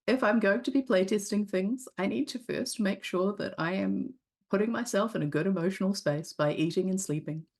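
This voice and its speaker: A woman's voice: medium pitch, moderate pace, a little mellow. A woman game designer chatting candidly as a guest, rambling through her stories with many restarts. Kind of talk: casual interview chat. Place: live convention stream set.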